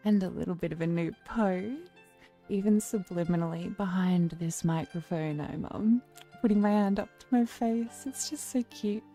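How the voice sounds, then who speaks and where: A woman hosting a relaxed late-night chat stream, talking playfully, flirtatiously and theatrically in a demon-queen persona, close to the microphone. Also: lowish voice, moderate pace. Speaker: streamer hosting her own channel. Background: faint background music.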